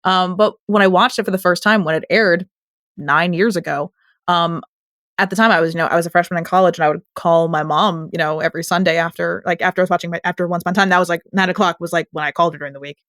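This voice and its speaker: Woman, late twenties, podcast co-host, casual chat, lowish voice, dry close mic. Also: fairly even intonation, quick pace, fairly bright tone, no room sound. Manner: chatty, emotional, laughs often.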